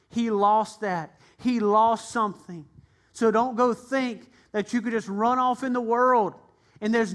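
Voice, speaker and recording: A man's voice: sits high, fairly bright tone. A man pastor preaching a sermon, earnestly and emphatically, acting out the voices in his retelling. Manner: dramatic retelling with acted-out voices.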